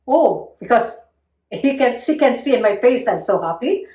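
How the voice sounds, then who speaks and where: A woman's voice: moderate pace, recorded from a distance. An older woman recounting her own story in casual conversation, acting out the quoted lines with big jumps in her voice. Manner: animated, acts out quotes with big pitch jumps. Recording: echoey room, voice a bit off mic.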